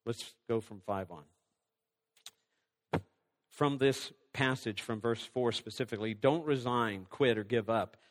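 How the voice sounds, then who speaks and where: A pastor with a medium-pitched voice preaches a little slowly, with long pauses and a long reverb tail. He reads scripture aloud, then works through numbered points, sometimes dropping almost to a whisper.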